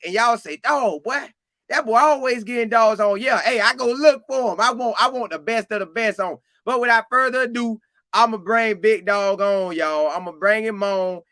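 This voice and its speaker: A man hosting a podcast interview, hyping up his guest in loud, slangy talk. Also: high-pitched, no echo, studio quality. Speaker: podcast host. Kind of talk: hyped show intro and interview.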